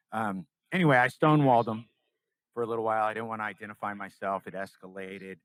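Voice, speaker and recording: Podcast guest: young man, low voice, dry close sound, animated storyteller. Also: fast, no room sound, poor audio. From California, US. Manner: animated storyteller acting out dialogue. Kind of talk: casual storytelling interview.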